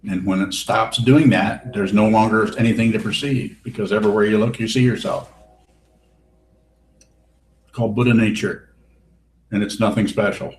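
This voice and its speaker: With a lowish voice, fairly even intonation and normal speed, a man pauses for long stretches. The Buddhist teacher gives a dharma talk and takes questions in a blunt, wry, teasing way. A faint hiss runs through the roomy hall.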